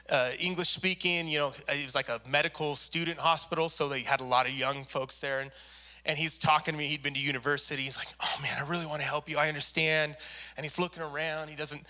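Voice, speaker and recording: A man preaching a sermon to a church, telling a personal story with lively acted-out voices. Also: on the high side. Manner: animated storyteller, acts out quoted voices. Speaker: pastor. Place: church service.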